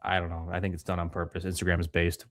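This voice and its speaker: Speaking very fast in a low, completely flat voice, this young livestream co-host reads viewer superchats and responds with crude jokes. The studio-quality recording has no echo.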